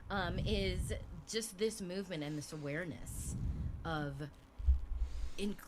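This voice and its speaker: A woman voice actor talks in a loose, halting way, full of ums and restarts, and gushes when thanked. Her voice sits a little low. A steady hiss of noise runs under her home mic. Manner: hesitant, filler-heavy, warm and effusive. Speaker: voice actor guest. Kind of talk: casual chat on a video call stream.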